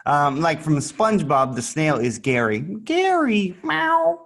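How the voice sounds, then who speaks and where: In an online lesson, a man with a mid-range, fairly bright voice teaches a child English at a normal speed. He's patient and playful, repeating words for the child to echo and adding little sound effects while showing pictures.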